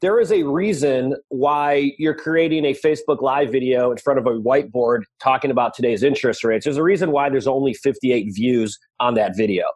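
A man's voice: medium pitch, fairly quick, hardly any pauses, a little mellow, slightly rough. A man hosting a casual podcast interview, blunt and swearing now and then. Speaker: podcast host.

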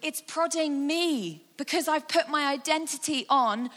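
A woman speaker giving a guided imagination talk, animated and conversational with frequent fillers. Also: high voice, measured pace. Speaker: church speaker. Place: large hall with a sound desk. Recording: long hall reverb.

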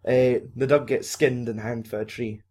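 A young man with a Scottish accent talks through a film in relaxed, sweary chat. His voice sits at an ordinary middle pitch, and he keeps jumping into quick impressions of the characters. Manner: sweary, animated, jumps into silly voices. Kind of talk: casual film recap chat.

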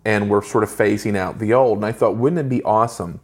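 The speaker, a man in his forties, has a lowish and slightly rough voice. He's ranting about a film in a casual exchange with a co-host, voicing strong opinions and firing off quick asides.

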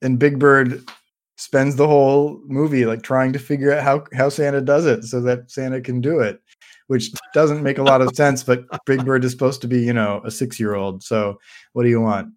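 A man's voice: medium pitch, steady tone, normal speed, darkish tone. A man co-hosting a casual podcast chat, chatty and playful, talking about films and his games. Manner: chatty, playful, some restarts. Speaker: podcast co-host, game designer.

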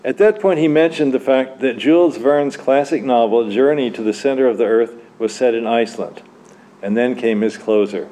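A man's voice: mid-range voice, moderate pace, dark tone. Wry man reading his own story. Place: church literary evening.

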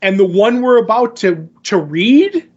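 Animated high-voiced man recapping comics. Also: measured pace, slightly rough. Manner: animated retelling, acts out quotes. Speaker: podcast co-host. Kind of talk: casual comic book discussion. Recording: dull lo-fi sound.

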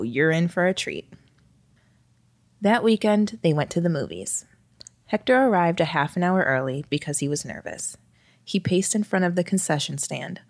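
A woman narrating a scripted story in a wry, lightly expressive reading voice. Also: low voice, gravelly, dry recording.

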